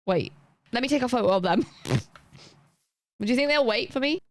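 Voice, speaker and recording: A woman's voice: a little high, lively intonation, normal speed, no room sound. A young woman livestreaming a game, chatting casually and rambling as she plays and talks to her chat.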